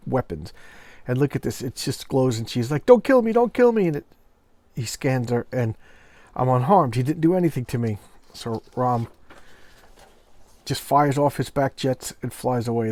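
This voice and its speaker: A middle-aged man talks through an old comic book in a relaxed, meandering vlog style. He often stops to search for names and restarts his sentences. His voice sits at an ordinary pitch and is recorded dry. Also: no echo. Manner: rambling, forgetful, with many fillers and restarts. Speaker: comic book collector and reviewer. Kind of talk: casual commentary vlog.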